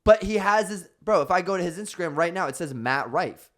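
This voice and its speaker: A young man co-hosting a casual podcast, his voice sitting a little high. He argues his point with animated energy and teases his partner. The talk is loose and conversational. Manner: animated, argumentative, quick to tease. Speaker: podcast co-host.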